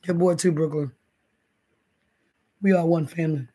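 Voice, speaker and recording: High-voiced rambling male livestreamer. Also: steady tone, normal speed, mellow, slightly rough. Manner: rambling, profane, talks straight to the chat. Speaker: livestream host. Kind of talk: casual livestream chat. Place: indoors, in bed.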